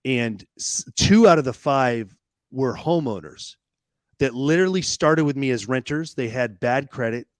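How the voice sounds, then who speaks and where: A man telling a personal story as a podcast guest, animated and casual, swearing freely and repeating words as he hurries on. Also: mid-range voice, a little slow, no room sound, studio quality.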